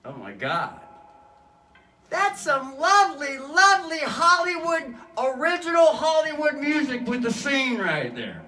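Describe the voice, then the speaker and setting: A man's voice: very high-pitched, very animated, slow, bright, forceful tone. A man in a rambling, profane, free-associating spiritual monologue. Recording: echoey room, far from mic, guitar music.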